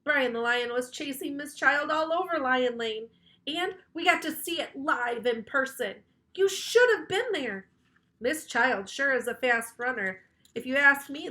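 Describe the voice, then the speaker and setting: A woman librarian reading a children's chapter book aloud in an animated, playful, teasing way. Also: fairly high pitch. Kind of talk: children's storybook read-aloud.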